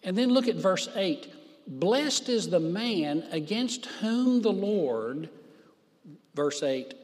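A man preaching a sermon in a slightly high voice, leaning hard on key words. He talks very slowly and stretches his phrases out for emphasis. His voice rings with the long reverb of a large hall. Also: big pitch swings, darkish tone. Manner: emphatic, drawn-out phrases for stress.

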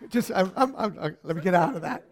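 A man preaching a sermon, telling personal stories with lively acted-out voices, swinging from soft asides to shouts. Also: high voice, quick pace, a little hiss or hum.

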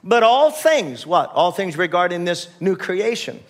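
A man with a notably high-pitched voice preaches a sermon. He reads scripture aloud and sometimes breaks into sudden emphatic rises. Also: sing-song, measured pace. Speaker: pastor.

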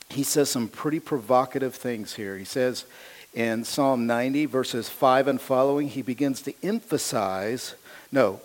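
A man preaching a sermon as pastor, animated and earnest, with self-teasing asides. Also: mid-range voice.

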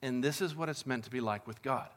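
A man's voice: medium pitch, fast talker. A man preaching as a pastor, in a casual, conversational and upbeat way, talking to the congregation as guys. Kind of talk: casual sermon.

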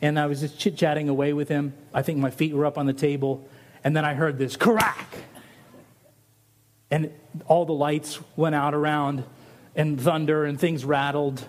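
A middle-aged man delivers a sermon in a lighter, higher-pitched voice. He preaches with animation and pushes his pitch up on each rhetorical question. He settles back into easy storytelling between the big points. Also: flat delivery, normal speed. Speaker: pastor.

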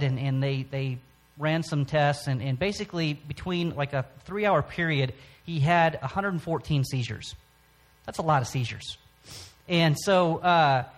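A man giving a personal testimony from the front of a church, speaking in a halting way with frequent pauses and restarts. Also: a little high.

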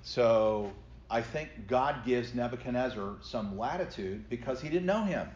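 A man's voice: medium pitch, lively intonation, a little slow, darkish tone, a little hiss or hum. A middle-aged man, a pastor, teaching a Bible study class and explaining scripture earnestly to his group. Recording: slightly dull lo-fi recording.

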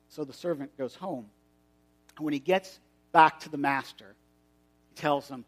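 A man preaching a sermon with a high-pitched voice. He retells a story in an easygoing, conversational way and drops in quick asides as he goes. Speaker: pastor.

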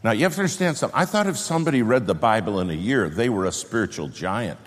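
A man preaching a sermon, telling a story with lively acted-out dialogue and dropping to a slow, hushed voice to make a point. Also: on the low side. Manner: animated storyteller who acts out both sides of a conversation; drops to a slow, hushed voice for emphasis. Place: church sanctuary. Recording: long reverb of a large hall.

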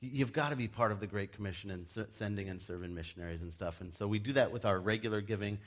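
A man who is a pastor, preaching a casual, joking sermon in a church and acting out the people he quotes. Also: quick pace. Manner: chatty and joking, acts out quoted people in loud high voices.

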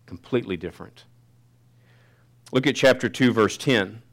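A man preaching a sermon, reading scripture slowly and then telling a personal story. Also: mid-range voice, a bit bright. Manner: slows down to read scripture, then tells a story. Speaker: pastor.

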